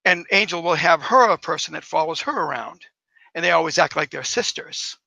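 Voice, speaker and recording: A male author guest who tells stories in a rambling, enthusiastic way. His voice is gravelly and sharply bright. It sounds dry and close. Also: a little high, lively intonation, a little fast, no echo, poor audio. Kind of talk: casual interview.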